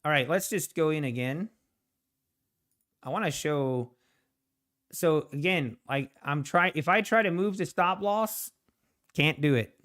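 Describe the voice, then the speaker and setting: Guy streaming his trades live, chatty n slow, kinda high voice, smooth. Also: fairly bright tone. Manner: rambling, talks to the market and to chat viewers. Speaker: trading livestream host. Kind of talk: casual live commentary while trading.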